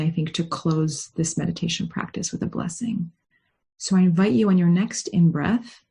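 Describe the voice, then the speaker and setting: A woman rabbi leading a guided meditation and teaching, with a gentle, unhurried guiding tone. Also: fairly low pitch, slightly rough. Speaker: rabbi leading a study session.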